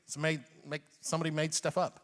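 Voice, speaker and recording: Brief: male stand-up comic in his forties from Iran, lively and high-pitched, long hall reverb. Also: a little fast. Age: 40s. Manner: animated, chuckles at own jokes. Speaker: comedian. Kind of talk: stand-up comedy.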